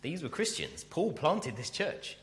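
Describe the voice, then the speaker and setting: A man preaching a sermon, animated and speaking directly to his congregation in a church. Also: fairly high pitch, a little slow, in a large hall. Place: church hall.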